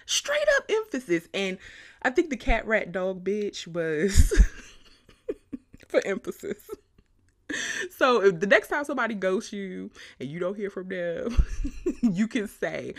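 A woman hosting her own podcast, telling stories in an animated, chatty way with frequent laughter. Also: mid-range voice, slow, pauses often. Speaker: podcast host. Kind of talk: casual podcast monologue.

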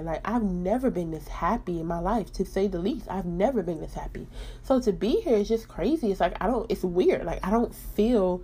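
A woman's voice: mid-range voice, animated, fairly quick, mellow, breathy edge. Candid woman hosting a faith podcast. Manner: candid, conversational, emphatic. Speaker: podcast host. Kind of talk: personal faith talk.

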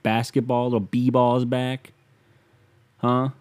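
A man's voice: medium pitch, steady tone, unhurried, a little mellow. A young man from Ohio hosting a casual sports rant, profane and sarcastic.

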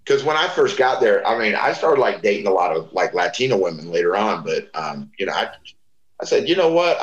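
Here a middle-aged guest with a lowish voice spins casual stories, animatedly performing the voices of the people he quotes. The sound is lo-fi and echoes like a large room.

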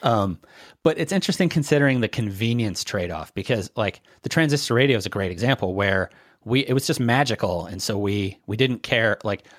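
A man with a fairly low voice talks through tech ideas in a loose, explanatory way, full of fillers. The sound is dry and close, with no room around it. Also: lively intonation, brisk, no room sound. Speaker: podcast co-host. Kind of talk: casual tech chat.

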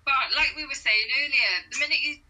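A woman's voice: sits high, fairly quick, bright, forceful tone, rough recording. A woman co-hosting a comedy chat show, talking in a chatty, rambling way and laughing easily. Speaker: co-host, comedian. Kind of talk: casual chat.

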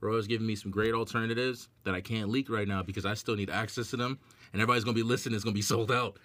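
A man hosting a podcast in casual chat, animated, laughing often and acting out quoted voices. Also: fairly low pitch, rapid-fire, slight background noise. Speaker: podcast host.

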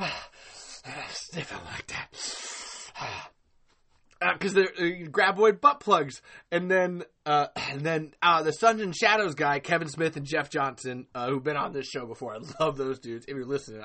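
A man's voice: on the high side, moderate pace, few pauses, bright, forceful tone. A man hosting a live podcast in casual chat, rambling and profane, laughing often. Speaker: podcast host.

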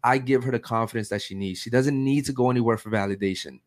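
A man's voice: mid-range voice, fast talker. A man in his thirties hosting a casual podcast chat, talking emphatically and often checking in with "right?". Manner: emphatic, keeps asking "right?". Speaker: podcast host.

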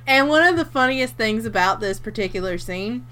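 Woman cohost, bright voice, a bit high, animated and laughing as she recaps a movie. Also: moderate pace. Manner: animated, acts out characters' lines with laughter. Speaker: podcast co-host. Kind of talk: casual chat retelling a film.

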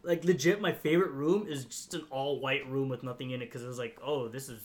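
A man's voice: medium pitch, fairly even intonation, brisk. A young man telling a long, rambling story in casual chat, swearing freely and padding with fillers like "like" and "you know". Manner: rambling, profane, lots of fillers and laughs. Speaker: podcast storyteller.

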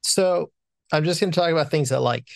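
A man's voice: a little high, a little fast, creaky, no echo, clean studio sound. A man co-hosting a film podcast, joking in a casual, self-deprecating way. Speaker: podcast co-host.

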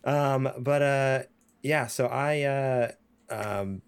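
Male co-host, mid-pitched voice, rambling, laughs a lot. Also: lively intonation, fairly quick. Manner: rambling storyteller, laughs often, many fillers. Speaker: podcast co-host. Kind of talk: casual chat.

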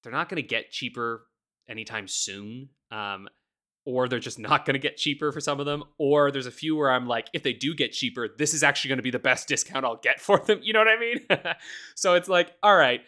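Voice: mid-range voice, brisk, pushed and bright. A podcast co-host in casual chat, ranting with heavy profanity and laughing often while talking.

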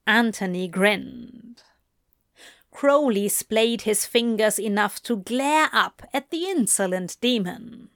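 A woman narrating a story aloud at an unhurried, even pace. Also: medium pitch, no room sound, clean studio sound. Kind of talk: amateur audiobook reading.

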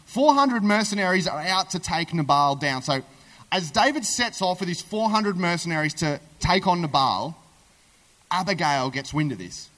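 Brief: conversational preacher, man, slightly high voice, long hall reverb. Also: moderate pace. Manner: animated storytelling, conversational. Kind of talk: sermon. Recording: echoey hall.

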